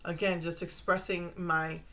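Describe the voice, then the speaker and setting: Bright-voiced emotional middle-aged woman. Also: lowish voice, level tone, a little slow. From Puerto Rico. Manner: emotional, rambling, with restarts. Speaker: vlogger. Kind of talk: personal confessional monologue.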